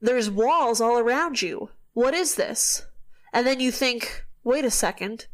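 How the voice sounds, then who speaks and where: A woman with a slightly high voice hosts a casual podcast. She retells a story animatedly, tossing in quick asides and the occasional swear. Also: a bit bright. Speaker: podcast host. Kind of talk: casual chat recapping a book.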